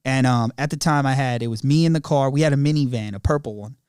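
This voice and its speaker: A man's voice: mid-range voice, fast talker, a little mellow, smooth, dry recording, clean studio sound. A young man co-hosting a podcast, telling family stories in slangy casual chat, laughing often and acting out the quotes. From Long Island, New York. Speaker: podcast co-host.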